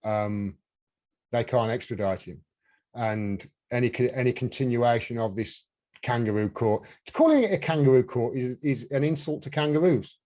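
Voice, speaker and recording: A man's voice: mid-range voice, moderate pace, warm tone. A man hosting a casual political chat, talking in a heated, indignant way and swearing freely. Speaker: podcast host.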